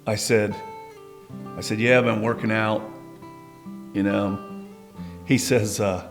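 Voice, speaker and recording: Guy telling a story about his grandpa, easygoing, stops and restarts, bit of quiet guitar behind. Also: on the low side, slow pace, long pauses. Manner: relaxed, conversational, with small restarts. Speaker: grandson sharing a family memory. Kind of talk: interview storytelling.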